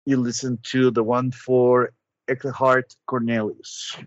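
A man narrating as game master of a tabletop game over an online call, measured and hesitant, with frequent ums. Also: medium pitch, level tone, no echo, muffled recording.

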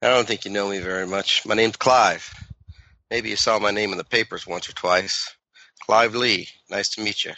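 A man playing a smooth-talking male drifter, slick and flirtatious. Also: lowish voice, fairly even intonation, normal speed, bright, forceful tone, dry recording.

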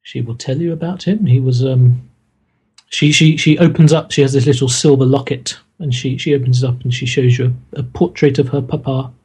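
A man running a tabletop game as game master, halting and hesitant as he narrates. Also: mid-range voice, fairly even intonation, a little mellow, husky, poor audio.

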